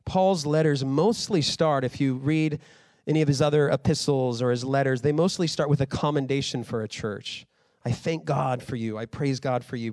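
A man's voice: medium pitch, a little mellow, no echo, studio quality. A man in his thirties preaching a sermon in a conversational way, rising to fired-up emphasis. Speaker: pastor.

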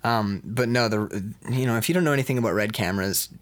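A man's voice: fairly low pitch, fast talker. A young man in casual chat, telling rambling, joking stories with a lot of laughter. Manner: rambling, jokey, lively storytelling.

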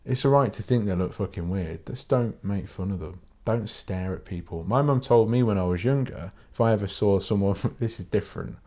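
British bloke, fairly low voice, solo podcast host who rants bluntly and swears freely. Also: male voice, brisk, hardly any pauses, dark tone. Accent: British English. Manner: blunt, sweary, rambling, with many restarts. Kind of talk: casual solo podcast rant.

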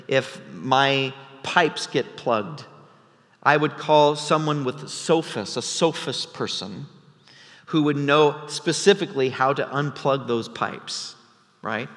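A man's voice: mid-range voice, fairly bright tone, long reverb tail. A man preaching an expository sermon in a conversational, vivid storytelling way, with many restarts. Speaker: pastor.

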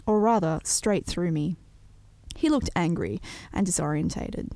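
A woman narrating a personal story in a measured, reflective way. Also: mid-range voice, dark tone, dry recording.

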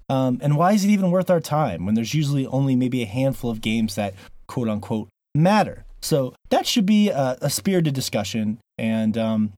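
A podcast host with a medium-pitched, darkish voice opens a gaming show casually, playful and jokey with lots of fillers. There's no echo.

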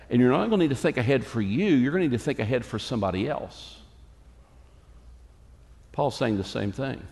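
Middle-aged pastor guy preaching, punchy repeated lines, mid pitch, big hall echo. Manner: emphatic preaching with repeated phrases and quoted asides. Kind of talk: sermon. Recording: long reverb of a large hall.

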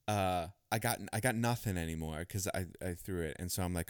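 A man hosting a podcast, telling a long story in a rambling, animated way with many restarts. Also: fairly low pitch, normal speed, smooth, no echo, clean studio sound. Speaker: podcast host. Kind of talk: casual storytelling chat.

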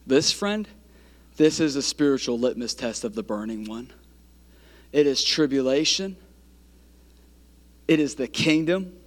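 A man preaching a sermon, building through repeated phrases and climbing to emphatic peaks. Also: fairly high pitch. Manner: repetitive, rising emphatic preaching cadence.

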